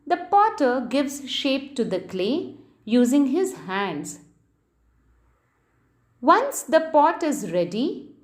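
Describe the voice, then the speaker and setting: A high-voiced woman teacher talks young children through a textbook lesson. Her voice swoops up and down in a sing-song way, and she takes her time. She stops to spell out key words letter by letter. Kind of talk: reading and explaining a school textbook lesson.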